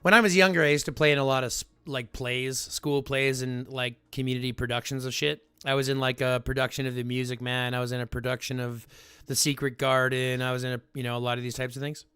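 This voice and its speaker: A man hosting a livestream, chatting casually with viewers in a rambling, animated way full of fillers. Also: medium pitch, quick pace, clear, resonant tone, no room sound, soft background music. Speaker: livestream host.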